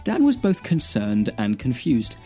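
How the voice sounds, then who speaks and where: Man reading deadpan. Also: mid-range voice, a little slow, soft background music. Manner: deadpan reading, breaking into laughter. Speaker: podcast co-host. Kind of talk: reading a fan fiction aloud.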